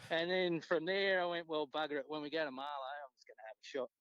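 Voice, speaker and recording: A man with an Australian accent, a podcast guest telling fishing stories in a relaxed, swearing, casual way. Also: fast, smooth, dry recording. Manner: laid-back, swears freely, acts out quotes with pitch jumps. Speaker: podcast guest, tournament angler. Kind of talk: casual storytelling chat. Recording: dull lo-fi dry sound.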